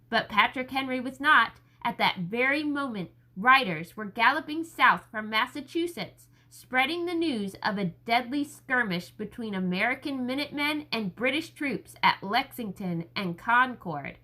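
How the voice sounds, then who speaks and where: A woman narrating a historical novel audiobook, reading expressively and acting out the characters' lines. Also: normal speed. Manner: expressive, raises pitch for shouted lines.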